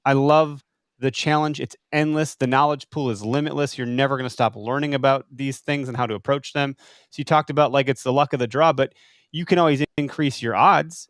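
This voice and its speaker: A man's voice: medium pitch, steady tone, fairly quick, dry recording, studio quality. A man hosting a casual show, explaining his view with everyday analogies and emphatic asides. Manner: folksy, uses analogies, emphatic. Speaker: host. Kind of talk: casual chat.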